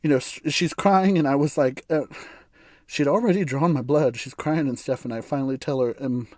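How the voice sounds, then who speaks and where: An American man hosting his own podcast rambles casually in a solo monologue, tossing in sarcastic asides and laughing often. His medium-pitched voice has a darkish tone at normal speed, recorded with studio quality and no echo.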